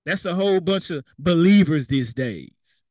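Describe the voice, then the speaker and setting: A young man preaching in a lively, conversational way, mixing scripture with casual street talk and little acted-out voices. His voice sits a bit high for a man. The recording is close and dry, with no room sound. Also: a little slow, no room sound. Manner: conversational preaching with vernacular asides and quoted voices. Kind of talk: sermon.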